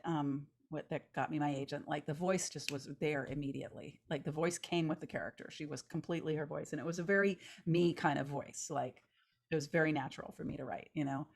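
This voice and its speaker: Woman with a low voice chatting loosely about writing, tons of "like"s. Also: vocal fry. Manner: rambling, many "like" fillers, laughs often. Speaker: podcast co-host, novelist. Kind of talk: casual chat.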